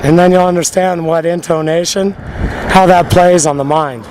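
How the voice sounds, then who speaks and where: A man's voice: fairly high pitch, fairly even intonation, moderate pace. A man hosting a street radio show, talking in a rambling, repetitive, emphatic monologue outdoors by a busy road. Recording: outdoor recording with loud traffic noise.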